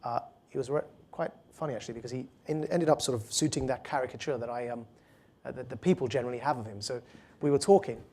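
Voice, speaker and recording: A man, an author and guest speaker, answering audience questions at a public talk in an earnest, fluent way, with quick restarts. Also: medium pitch, warm tone.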